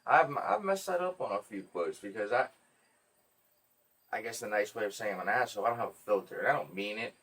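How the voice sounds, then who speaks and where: A man's voice: fairly low pitch, brisk, breathy edge. Guy hosting a podcast, cussing and joking through a story, sounds a bit far from the mic. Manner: profane, joking, animated storyteller. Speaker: podcast host. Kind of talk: casual storytelling chat.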